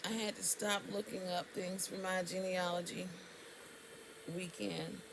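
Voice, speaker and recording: A woman's voice: lowish voice, flat delivery, unhurried, noisy background. A woman tells a story to camera in a casual, indignant way, and her voice jumps up sharply on exclamations. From Alabama, US. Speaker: vlogger.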